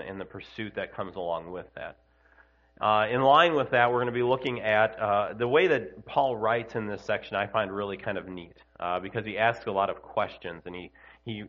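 A man's voice: lowish voice, highs cut off. A man preaching an Easter sermon in a conversational way, with many fillers and restarts and slightly congested sinuses. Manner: conversational, many fillers and restarts, animated when telling the joke. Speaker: pastor. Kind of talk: Easter sermon with opening prayer and joke.

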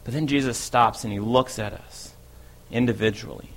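A man in a mid-range voice, at a moderate pace and lightly acted, performs a first-person dramatic monologue as the apostle Peter, an impulsive, eager disciple. He tells the story lively, speeding up and swelling when excited.

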